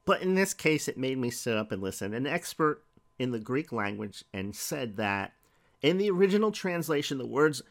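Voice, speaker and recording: A man's voice: mid-range voice, sing-song, normal speed. A middle-aged man preaching a sermon in a conversational way, asking rhetorical questions and reading scripture aloud.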